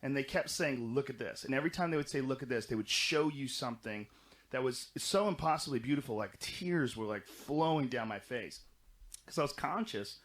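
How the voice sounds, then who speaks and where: Man, middle-aged, podcast guest, casual, swearing, rambling, mid pitch. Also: moderate pace. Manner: animated, profane, rambling storytelling. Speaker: podcast guest recounting experiences.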